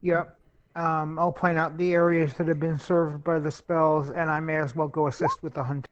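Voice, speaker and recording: A man's voice: a little high, flat delivery, normal speed, dull audio. A man playing in a tabletop game, talking in an easygoing way and mixing plain talk with lines for his character. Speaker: player.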